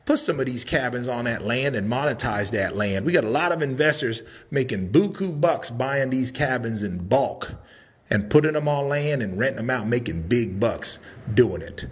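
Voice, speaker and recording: Walking through the inside of a wooden cabin, a man runs a hyped live sales stream as a tour, firing off hype-man catchphrases and sudden whoops. His voice is mid-range and expressive, at a moderate pace.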